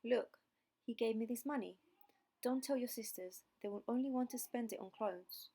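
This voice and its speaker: A woman's voice: a little high, moderate pace, warm tone, slight background noise, natural voice. A woman voicing a worried, pleading father in an audiobook reading of a fairy tale. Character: worried middle-aged father, a merchant.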